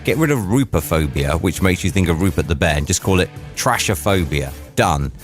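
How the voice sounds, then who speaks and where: A man's voice: sits low, animated, a little fast, faint music behind. A man hosting a drivetime radio show, chatting casually and cracking jokey asides.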